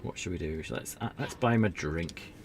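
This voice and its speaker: A man's voice: sits low, normal speed, crowd noise. A man streaming an old adventure game, chatting casually in a rambling, self-deprecating way. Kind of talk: casual gameplay commentary.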